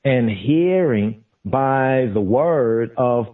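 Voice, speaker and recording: Man, scripture teacher, unhurried, repeats words, distant mic, tinny phone-like sound. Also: mid-range voice, lively intonation. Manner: deliberate, repeats and glosses each term. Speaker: Bible teacher.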